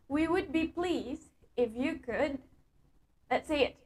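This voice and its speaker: A woman with an Indonesian accent teaching an English lesson. She says English phrases slowly and carefully, then explains them quickly in Indonesian. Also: sits high, lively intonation, a little hiss or hum.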